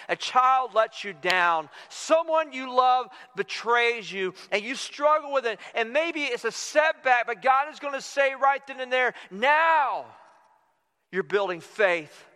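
A man in his forties preaching a sermon, telling stories with lively acted-out quotes. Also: unhurried, clean tone, big-room sound. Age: 40s. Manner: animated storytelling, acting out quotes with big pitch swings. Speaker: pastor. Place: church sanctuary.

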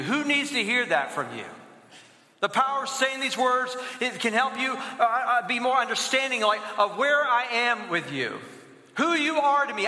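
A man's voice: very high-pitched, sing-song, normal speed, pushed and bright. A young man preaching a sermon as pastor and leading the congregation in call-and-response. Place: church auditorium. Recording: echoey hall with long reverb.

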